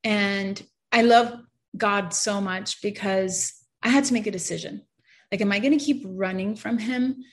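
Woman, personal testimony, earnest, emotional, halting, stammered restarts, soft quiet dips, mid-range pitch. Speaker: person sharing a faith testimony.

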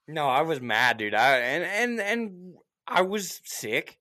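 A man with a bright, forceful voice tells a story in casual chat as a profanity-laced rant. He is animated and slips into mocking asides as he goes. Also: fairly high pitch, slow pace, hardly any pauses.

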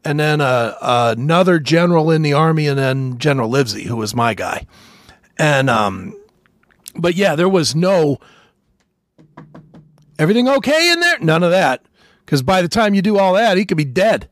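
A man hosting a podcast, telling army stories in a casual, profane way and loudly acting out the people he quotes. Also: on the high side, normal speed, no room sound. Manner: animated, swearing, acts out quotes loudly. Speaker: podcast host, former soldier. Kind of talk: casual storytelling chat.

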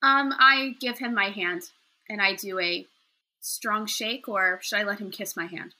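A woman's voice: mid-range voice, a little slow, bright, forceful tone, low-quality recording. A woman playing a tabletop game, casual and chatty. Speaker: player.

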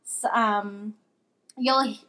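A woman's voice: medium pitch, fairly even intonation, extremely slow, sharp tone. A woman co-hosting a book podcast in casual chat, rambling with fillers and restarts. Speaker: podcast co-host.

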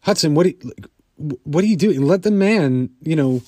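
A man's voice: on the high side, lively intonation, normal speed, dark tone, no room sound. A man voicing a flustered mother scolding her son in a story he tells. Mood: exasperated.

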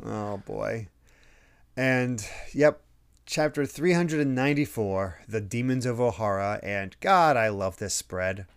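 A man hosting a podcast, chatting casually about a manga and jumping into quick voices when he retells scenes. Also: on the low side, clear, resonant tone. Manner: chatty, often slips into quick quoted character voices. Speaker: podcast host. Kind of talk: casual chat recapping a manga.

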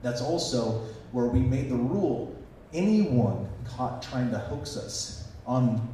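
Speaking slowly in a mellow, medium-pitched voice, a man animatedly recounts stories at a conference, voicing the people he quotes. Captured from afar in an echoey hall, the audio has slight background noise.

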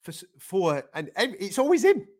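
Lively, laughing podcast co-host. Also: male voice, high voice, moderate pace. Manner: animated, laughing, swears freely. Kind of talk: casual MMA chat.

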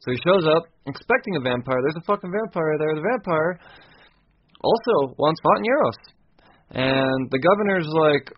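A man's voice: mid-range voice, expressive, moderate pace, slightly rough, highs cut off. A man casually recapping a comic story, rambling and profane, with frequent restarts and laughing at his own slips.

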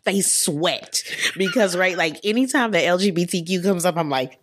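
Young woman from texas, really low voice, guest spilling stories and laughing a lot. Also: moderate pace. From Texas, US South. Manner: candid, animated, laughs through her stories. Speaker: podcast guest. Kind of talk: casual storytelling chat.

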